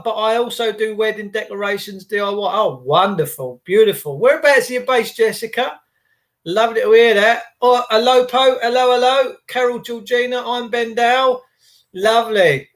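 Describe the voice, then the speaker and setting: A man hosts a casual livestream and rambles on in a loose, chatty way. He greets viewers by name as he talks. His voice sits high for a man. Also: fairly bright tone. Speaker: livestream host. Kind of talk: casual live chat with viewers.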